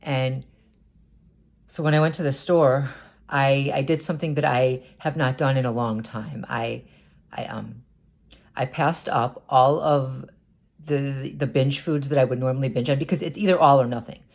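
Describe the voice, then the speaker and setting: Hesitant, gravelly-voiced vlogger. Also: mid-range voice, steady tone, normal speed. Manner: hesitant, stammering with many restarts. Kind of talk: personal confessional vlog.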